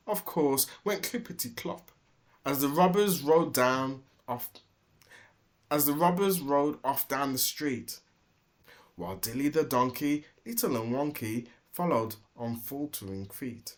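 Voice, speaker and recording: Slow, sing-song storytelling dad. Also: male voice, mid-range voice, animated. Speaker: storybook reader. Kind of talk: rhyming storybook read-aloud.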